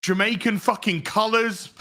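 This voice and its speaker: A man hosts a casual livestream, rambling through his thoughts with frequent false starts and plenty of swearing. His voice is bright and forward, and pitched a touch high for a man. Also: fairly even intonation, measured pace. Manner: rambling, with many restarts and swearing. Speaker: streamer host reading chat.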